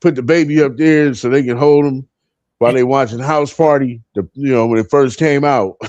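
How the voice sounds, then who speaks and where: A man's voice: mid-range voice, normal speed, a little mellow, dry recording, highs cut off. A man in his fifties telling profane, laughing stories as a co-host on a live panel. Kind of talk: casual storytelling on a live panel.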